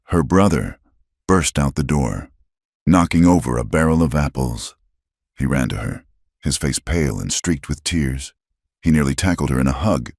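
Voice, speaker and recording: A man narrating a western romance story in a measured, dramatic storytelling style. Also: a bass voice, a little mellow, no echo, clean studio sound. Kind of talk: scripted narration.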